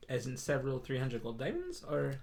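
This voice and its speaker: A man's voice: medium pitch, wildly swooping pitch, a little fast, vocal fry. A man voicing an elegant female cat-folk gem seller, an overly polite and fawning shopkeeper. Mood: gracious.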